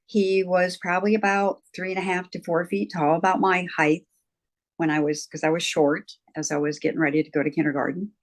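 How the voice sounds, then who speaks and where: A woman's voice: lowish voice, steady tone, brisk. An older woman recounting her childhood experiences as an interview guest. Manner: earnest, reflective storytelling. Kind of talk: interview storytelling.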